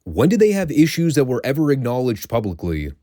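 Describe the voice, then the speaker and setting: A man's voice: mid-range voice, huge pitch swings, brisk, dark tone, no room sound, clean studio sound. A man hosting a show, giving a casual, wry recap of old wrestling episodes and swearing now and then. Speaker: podcast host reviewing classic wrestling.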